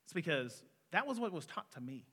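A man's voice: a little high, sing-song, brisk, fairly bright tone, breathy edge. A man in his twenties preaching an earnest, conversational sermon as a student pastor in a church hall. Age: 20s. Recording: long reverb of a hall.

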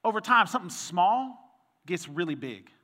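A man preaching a sermon in a relaxed, conversational way, trading personal anecdotes and quoted back-and-forth before reading scripture. His voice sits a little high and sounds bright and forceful. It rings out with a long reverb, as in a church sanctuary. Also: moderate pace. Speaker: pastor.

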